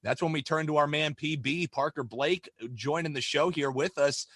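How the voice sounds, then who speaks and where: Upbeat guy cohosting a betting podcast, bright voice, stumbles and repeats words a lot. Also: fairly high pitch, normal speed, no echo. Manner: energetic, repeats words when starting phrases. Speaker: podcast co-host. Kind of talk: casual sports betting chat.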